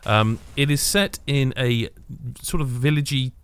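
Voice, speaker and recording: A man's voice: medium pitch, measured pace, fairly bright tone, clear, resonant tone. A man co-hosting a games podcast in casual chat, eager and rambling, often correcting himself.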